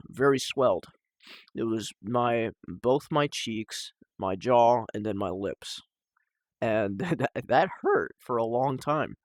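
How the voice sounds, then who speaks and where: A young man talking casually and personally to the camera at home, halting and emotional, with sighs and restarts. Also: fairly low pitch, dry recording, clean studio sound. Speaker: vlogger.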